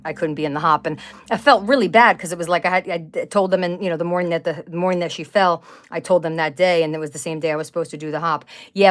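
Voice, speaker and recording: A woman's voice: fairly low pitch, a bit bright. Chatty middle-aged woman host. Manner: chatty, rambling, exclaims over items. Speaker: craft channel host. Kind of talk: casual live-stream chat.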